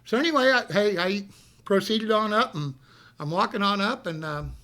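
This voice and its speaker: A man telling a story casually on a live stream, animated, swearing freely and laughing as he goes. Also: sits high, moderate pace.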